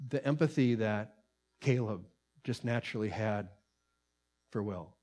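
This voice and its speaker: A man's voice: lowish voice, measured pace, mellow. A man preaching a sermon, reading an interview transcript aloud and commenting earnestly, with many fillers and restarts. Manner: earnest, rising in volume on quotes, many fillers. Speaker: pastor.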